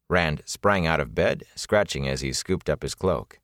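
A man with a very deep voice narrates a fantasy audiobook, measured yet lively in pitch as he tells the story. The recording is close and dry, with no room sound. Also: dry recording.

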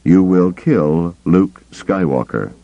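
Man doing a slow, insistent commanding voice. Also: low-pitched, lively intonation, gravelly, dark tone, full character voice. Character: relentless commanding inner male voice. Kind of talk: audiobook character voice. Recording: dull lo-fi cassette tape.

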